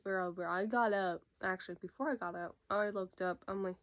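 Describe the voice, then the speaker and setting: A young woman in casual storytime chat, retelling a breakup in an animated way and acting out what everyone said. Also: mid-range voice, fairly quick, few pauses. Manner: animated, quotes people with "I'm like". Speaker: YouTuber.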